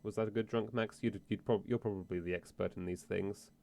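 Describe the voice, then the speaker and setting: A man's voice: on the low side, steady tone, fairly quick, gravelly, a little mellow. A man streaming a game, chatting casually in a rambling, profane, self-interrupting way. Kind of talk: casual let's-play chat.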